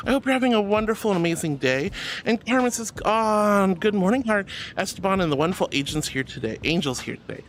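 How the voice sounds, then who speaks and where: A woman streamer in casual chat who warmly and effusively greets her viewers by name and thanks them. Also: mid-range voice, animated, fast talker, a little hiss or hum.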